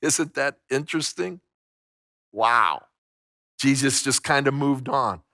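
A man's voice: medium pitch, slow pace, bright, forceful tone, no echo, clean studio sound. A middle-aged man preaching a sermon as pastor, emphatic, repeating phrases and restarting words. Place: church sanctuary.

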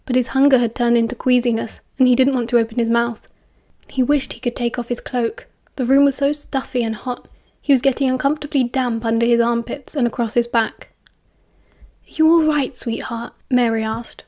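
A woman with a British accent reading a novel aloud as audiobook narration, dropping softly into hushed voices for the dialogue. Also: fairly high pitch, little pitch movement, brisk. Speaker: fan audiobook reader.

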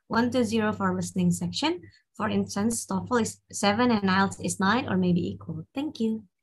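A woman's voice: mid-range voice, moderate pace, breathy edge. A woman hosting an online class, upbeat and loose, with many fillers as she moderates questions. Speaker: class host.

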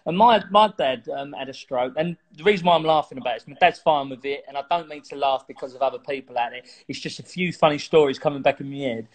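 A man in casual chat, telling lively anecdotes with laughter and swearing. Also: medium pitch, quick pace, few pauses. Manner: animated storytelling, laughing, swearing. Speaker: co-host.

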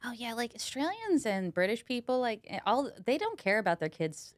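A woman's voice: fairly high pitch, big pitch swings, moderate pace, no echo, studio quality. A young woman comedian, a podcast guest, chatting playfully and laughing often. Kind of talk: casual podcast chat.

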